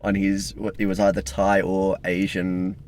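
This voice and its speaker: A man's voice: low-pitched, completely flat delivery, unhurried, a little mellow, slight background noise. A young man co-hosting a casual comedic chat in a car, telling stories with mock-serious jokes. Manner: joking, storytelling, mock-serious. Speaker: podcast co-host. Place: inside a car.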